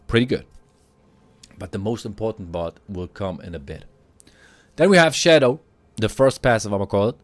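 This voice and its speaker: A man who is a little sick, explaining a video game item build and reading item stats aloud, getting excited as he hypes the items. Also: mid-range voice, no room sound. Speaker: game guide creator. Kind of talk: gameplay guide commentary.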